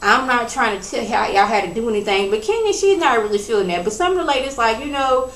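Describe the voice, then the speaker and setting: A woman giving a casual, sassy recap of a reality show, chatting in a lively storytelling way. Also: on the high side, fast talker, echoey room, slight background noise, low-quality recording.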